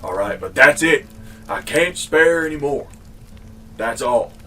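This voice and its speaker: A man's voice: medium pitch, expressive, a little slow, pushed and bright, recorded from a distance, slight background noise, voice pushed up. A man voicing a wary, stingy farmer who speaks grudgingly and hesitantly.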